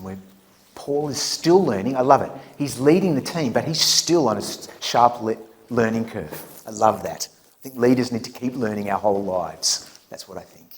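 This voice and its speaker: A man in middle age delivers a sermon at a church camp in a somewhat low voice. He tells stories with big, excited punchlines, dips into hushed asides, and laughs along with his own jokes. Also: slight background noise. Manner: animated storyteller, laughs at his own jokes, drops to whispers. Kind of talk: storytelling sermon. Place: church camp meeting hall.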